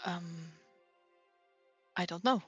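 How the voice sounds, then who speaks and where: A player in a tabletop game who talks quickly and laughs often. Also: mid-range voice, breathy edge, highs cut off, faint music behind. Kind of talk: tabletop role-play.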